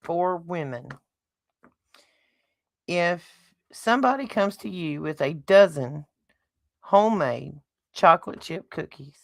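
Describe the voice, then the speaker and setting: A woman's voice: lowish voice, vocal fry, fairly bright tone, no echo, clean studio sound. A middle-aged woman with a Southern US accent, co-hosting a casual chat and making her points bluntly with folksy, homespun analogies. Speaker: podcast co-host.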